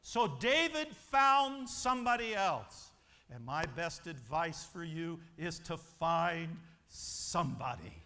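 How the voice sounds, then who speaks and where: A man's voice: fairly high pitch, very animated, takes it slowly, sharp tone. A man giving an emphatic motivational speech to a convention audience, telling a story like a preacher. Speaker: motivational speaker. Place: large convention hall. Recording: long hall reverb.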